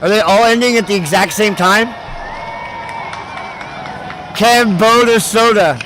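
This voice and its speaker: A man giving casual, mocking live-stream commentary, laughing often and breaking into loud outbursts. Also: high voice, moderate pace, a crowd in the background.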